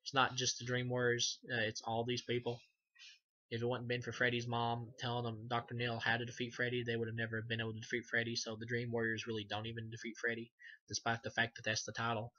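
A man rambles through a casual film review in a flat, monotone delivery, cursing freely and leaning on fillers. His tone is bright and a bit sharp. The recording sounds dull and lo-fi. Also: mid-range voice, fast. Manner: rambling, profane, many fillers. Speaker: movie reviewer.

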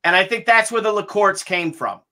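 A man hosts with an excited, teasing energy. He keeps stalling before each reveal. His voice has a sharp, bright edge. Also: sits high, a little fast. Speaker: host. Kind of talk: casual family chat.

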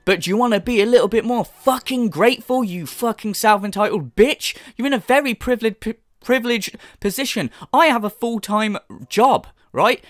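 A man's voice: high voice, normal speed, few pauses, dry recording, studio quality. A man giving a sarcastic, profane reaction commentary, sounding exasperated as he rants. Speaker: commentary YouTuber.

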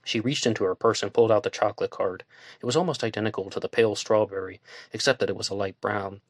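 Low-voiced male audiobook narrator. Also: fast talker, no room sound, studio quality. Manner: steady, plain storytelling. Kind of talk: scripted narration.

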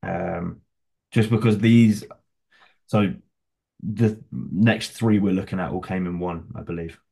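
A man's voice: low-pitched, steady tone, slow, vocal fry, mellow, breathy edge. A young man co-hosting a casual podcast, laid back, mostly short reactions and reading out names. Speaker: podcast co-host. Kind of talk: casual chat.

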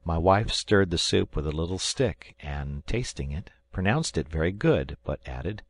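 A man narrating an audiobook in a measured storytelling manner. His voice sits very low. The sound is close and dry. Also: expressive, dry recording. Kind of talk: scripted narration.

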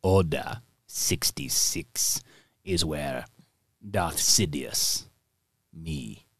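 A man putting on the voice of a scheming old male galactic emperor, low and gloating, sinking into a whisper. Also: extremely slow, breathy edge, no room sound, exaggerated voice.

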